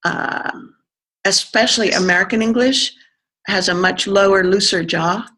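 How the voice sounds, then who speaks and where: An accent coach explaining pronunciation in conversation, pausing to think and sounding out vowels to demonstrate. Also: medium pitch, sharp tone. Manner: thoughtful, pauses with fillers, sounds out vowels to demonstrate.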